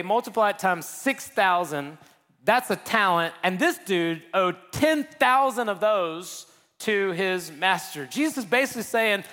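A man preaching a sermon in a conversational, joking way, speeding up and slowing down as he explains. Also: high voice, a bit bright, in a large hall. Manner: conversational and joking, with big swings in pace. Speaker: pastor.

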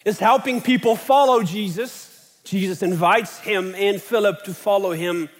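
Pastor, earnest sermon, fairly high voice, reverberant sanctuary. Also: male voice, unhurried. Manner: earnest preaching, rising emphatically on key questions. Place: church sanctuary. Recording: long reverb of a church hall.

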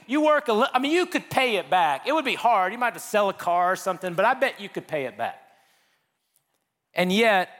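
A man's voice: sits high, fairly bright tone. Man preaching in a reverberant hall. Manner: conversational and joking, with big swings in pace. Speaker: pastor. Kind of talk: sermon.

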